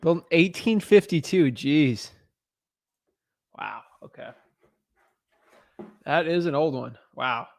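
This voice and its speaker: Young male wholesaler, gravelly, dry mic, casual thinking aloud. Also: on the high side, lively intonation, slow, long pauses, no echo. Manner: thinks aloud with fillers, upbeat on the phone. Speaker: real estate wholesaler cold calling. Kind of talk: casual live commentary and cold call.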